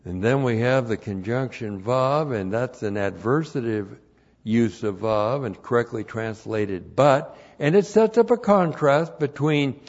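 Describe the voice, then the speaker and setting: A man gives a slow, methodical Bible lesson at an unhurried pace, leaning hard on the words he wants to stress. His voice sits in a middle register. The recording sounds dull and lo-fi. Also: mid-range voice, animated. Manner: slow, deliberate, emphatic on key words. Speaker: Bible teacher. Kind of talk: expository Bible teaching.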